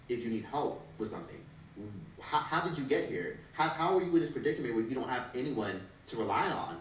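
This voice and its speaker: Blunt guy ranting fast, cussing, sounds far from the mic in a boomy room. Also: expressive, heavy reverb, a little hiss or hum. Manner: blunt, swearing. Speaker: commentary YouTuber. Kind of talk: commentary.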